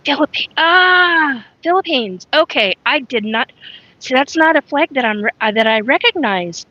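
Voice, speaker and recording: Bright-voiced woman rambling on a live stream. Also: sits high, animated, moderate pace, dry recording, dull audio. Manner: rambling and frank, greets viewers by name. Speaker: livestream host. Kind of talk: casual live-stream chat.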